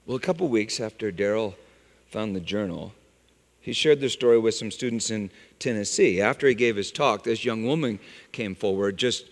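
A middle-aged man preaching a sermon, telling a story and weaving in scripture references. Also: normal speed. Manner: storytelling with scripture references, pitch rising and falling widely. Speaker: pastor. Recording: long hall reverb.

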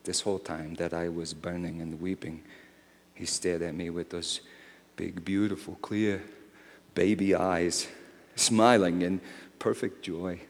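Elderly devout man, slow deliberate delivery, impassioned monologue, performed by a male actor in a reverberant hall. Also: sits low, little pitch movement. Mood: ecstatic. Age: older. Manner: impassioned, swells to shouting. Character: aged devout man, weary then awestruck. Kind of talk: dramatic first-person monologue.

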